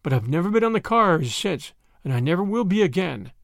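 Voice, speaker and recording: A woman's voice: fairly low pitch, very animated, a little fast, vocal fry, dry recording, studio quality. A man voicing a kindly, stubborn old grandmother who talks in a fussy, earnest way.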